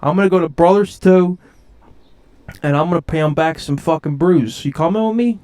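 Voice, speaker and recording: A man voicing a brash, foul-mouthed South Philly bar regular, gruff and swaggering. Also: on the high side, normal speed, darkish tone, natural voice. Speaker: podcast co-host.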